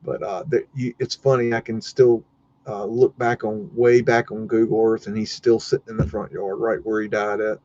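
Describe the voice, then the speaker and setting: A man's voice: fairly low pitch, flat delivery, moderate pace, a little mellow, muffled recording. A man hosting a livestream, telling a story casually and rambling with many fillers and restarts. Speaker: livestream host.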